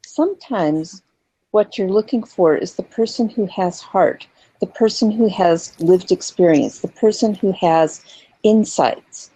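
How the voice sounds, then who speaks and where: Slow, mellow-voiced woman. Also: medium pitch, breathy edge, no room sound, poor audio. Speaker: guest. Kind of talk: casual video chat.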